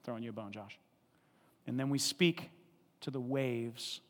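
A male pastor preaching a sermon, animated and repetitive, checking in often with the congregation. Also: mid-range voice, a little slow, long pauses, big-room sound.

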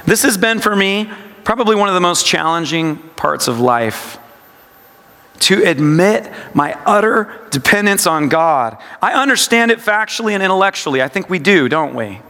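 A man leading a quiet, meditative sermon, his somewhat high voice drawn out slowly and reflectively. The words ring with a long reverb, as if spoken in a large hall. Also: very animated. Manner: slow, reflective, repeats lines with shifting emphasis. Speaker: pastor. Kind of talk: devotional sermon with guided scripture meditation.

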